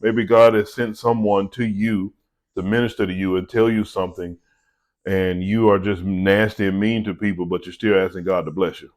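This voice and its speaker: A man's voice: sits low, fairly even intonation, normal speed, a little mellow. A middle-aged man, a vlogger and small business owner, giving an earnest, conversational devotional talk to his viewers.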